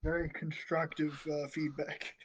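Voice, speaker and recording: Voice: medium pitch, level tone, a little slow, noisy background. A tabletop game player making playful, sarcastic quips. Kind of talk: casual tabletop play.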